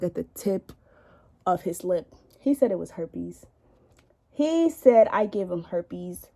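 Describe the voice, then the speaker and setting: A woman's voice: mid-range voice, warm tone. A young woman telling a rambling, profane story in a casual makeup vlog, recorded indoors at home on a camera in front of her. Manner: chatty, profane, rambling, with many likes. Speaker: beauty vlogger.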